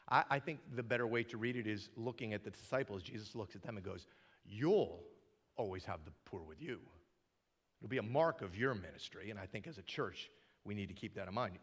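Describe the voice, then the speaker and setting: Animated preacher in a reverberant hall. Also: male voice, mid-range voice, fairly quick. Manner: animated, dramatic delivery acting out scripture quotes. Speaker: pastor. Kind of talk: sermon. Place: church sanctuary. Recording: long reverb of a large hall.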